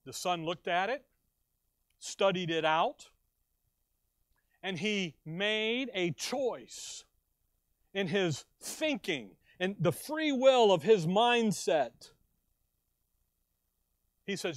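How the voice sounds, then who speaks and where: An American man preaching a sermon, who asks the congregation questions, answers them himself and acts out quoted voices with big swings in loudness. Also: high-pitched, animated, drawn-out words, pauses often, no room sound, studio quality. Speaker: pastor.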